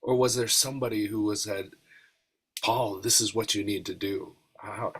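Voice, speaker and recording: A man's voice: on the low side, steady tone, moderate pace, a bit bright, breathy edge. A man hosting a podcast, asking thoughtful, probing questions. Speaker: podcast host. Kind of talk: interview questions.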